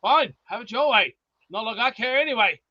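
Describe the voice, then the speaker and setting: A man trash-talking in brash banter, blustering and insulting, with sudden bursts into shouting. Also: very high voice, animated, a little fast, dry recording, highs cut off. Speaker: show regular.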